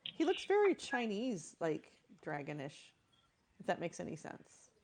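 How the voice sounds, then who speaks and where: Creaky-voiced chatty Midwestern woman. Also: on the low side, huge pitch swings, measured pace. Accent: Upper Midwest American. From Upper Peninsula of Michigan. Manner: chatty, lots of "like" and "you know". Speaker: live-stream co-host. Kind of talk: casual chat while drawing.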